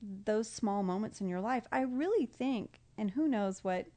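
A woman's voice: medium pitch, expressive, measured pace, dark tone. A middle-aged woman, a podcast guest, talking in a casual, heartfelt way, reflective and tender, often emotional.

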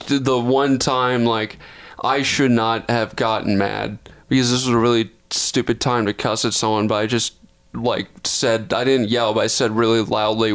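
A young Texan man with a clear, resonant, mid-range voice co-hosts a podcast. He tells a long story casually, rambling, swearing, and frequently correcting himself.

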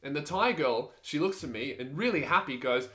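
A man's voice: a little high, expressive, moderate pace, fairly bright tone. An Australian man co-hosting a casual comedy podcast, telling crude travel stories and acting out the lines of the people in them. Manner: crude, storytelling, acts out quotes. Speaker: podcast co-host.

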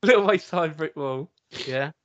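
A man, co-hosting a casual podcast and telling a rambling story with halting restarts. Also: fairly high pitch. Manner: rambling, halting anecdote with laughs. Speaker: podcast co-host. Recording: dull lo-fi recording.

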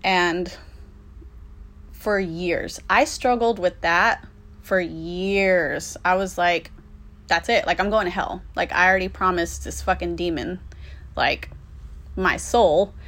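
A young woman talks casually about her own past, full of "um" and "like", cursing without a second thought. Her voice sits a little on the low side for a woman. She tells it plainly and openly, as if to friends. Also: slow pace, long pauses, a bit bright. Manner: candid, swears freely, many fillers. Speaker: storyteller. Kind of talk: casual personal storytelling.

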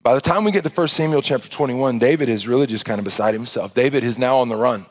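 A man preaching a sermon as pastor, impassioned, with stammering restarts and swings from hushed to loud. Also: mid-range voice, quick pace.

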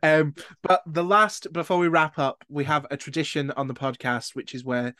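A man's voice: on the high side, fairly even intonation, moderate pace, bright, forceful tone, no echo, studio quality. A young British man hosting a podcast, chatting candidly and swearing casually as he tells stories. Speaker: podcast host. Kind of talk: casual interview chat.

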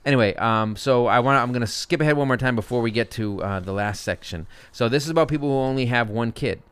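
Guy cohosting a podcast, smooth voice, dry sound, jokey and swears a lot. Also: mid-range voice, fast, a bit bright, no echo. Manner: wry, joking, swears freely. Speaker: podcast co-host reading listener comments. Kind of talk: casual podcast banter.

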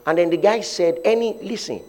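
A man's voice: high-pitched, brisk, mellow. A man preaching a sermon as pastor, leading the congregation in call-and-response declarations.

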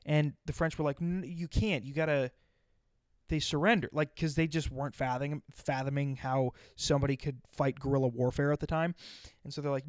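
A man with a slightly higher voice tells long, profane stories in loose casual chat. He restarts often and piles on fillers. The sound is dry and close to the mic. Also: fairly even intonation, fairly quick, clear, resonant tone, no room sound. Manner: profane, rambling storyteller with many restarts.

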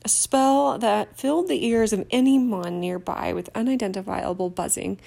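Woman reading a novel aloud, gravelly, steady, slips now and then. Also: medium pitch, moderate pace. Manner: steady narration with occasional stumbles. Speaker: audiobook reader. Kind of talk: amateur audiobook reading.

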